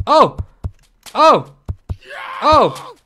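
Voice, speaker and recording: A man's voice: very high-pitched, very animated, very slow. A man hosting his own gaming channel, giving playful, exclamatory commentary while he plays and talking to the game. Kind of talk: casual gameplay commentary.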